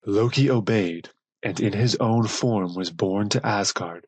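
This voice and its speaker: A man reads a myth audiobook in a measured, solemn way, taking his time over every phrase. His voice is low and husky, recorded dry and close. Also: no echo, low-quality recording. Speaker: audiobook narrator. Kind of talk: scripted narration.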